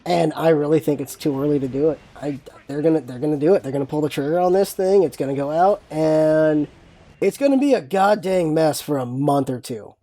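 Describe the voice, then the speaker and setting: A woman's voice: low voice, a little fast, mellow. A woman talking casually in a solo gaming vlog, blunt and emphatic, repeating phrases to drive her points home. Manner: frank and blunt, with mild swearing. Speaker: gaming vlogger.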